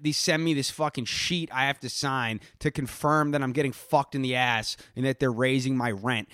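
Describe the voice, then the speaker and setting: A man's voice: medium pitch, fairly bright tone, no echo, studio quality. A man hosting his own podcast as a brash, boastful character, swearing constantly while he rants and complains about his week. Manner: brash, boastful, profane ranting; self-important, complains at length. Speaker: podcast host. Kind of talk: comedic character monologue.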